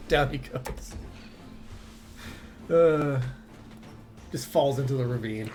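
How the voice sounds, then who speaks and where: A man's voice: medium pitch, slow pace, a little mellow. A man streaming a role-playing game, chatting casually, laughing often and reading game text aloud. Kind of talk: casual gameplay commentary. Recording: faint game music behind.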